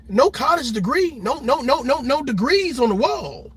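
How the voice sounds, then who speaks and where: A man's voice: extremely high pitch, big pitch swings, moderate pace, hardly any pauses, husky. A man giving passionate reaction commentary, preaching at his viewers and acting out the people he quotes. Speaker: commentary host.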